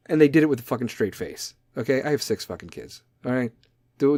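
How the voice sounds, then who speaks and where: A man's voice: mid-range voice, darkish tone, no room sound, clean studio sound. A man in his thirties hosting a podcast, ranting in a blunt, sarcastic way and swearing constantly. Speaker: podcast host. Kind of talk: profane comedic rant.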